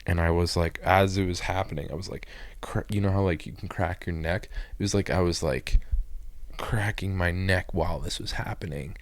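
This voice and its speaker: A man with a deep, gravelly voice gives an emotional personal testimony. He rambles and stalls, piling up fillers and restarting his sentences. The sound is dry and close, with no room echo. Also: steady tone. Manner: halting, rambling storytelling full of "like" fillers and restarts. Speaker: guest giving a personal testimony.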